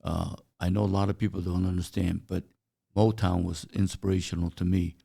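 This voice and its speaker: An older man with a deep, gravelly voice, originally from China, with Chinese as his first language. He tells anecdotes in a halting, unhurried way, full of "uh" pauses, as a guest in a casual interview. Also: flat delivery, mellow. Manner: halting, anecdotal, frequent "uh" fillers.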